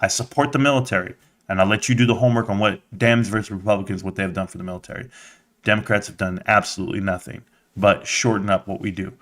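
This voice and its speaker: A man's voice: fairly low pitch, steady tone, quick pace, a bit bright. A middle-aged man from the United States hosting a live stream, talking straight to his chat in a rambling, casual rant with frequent restarts.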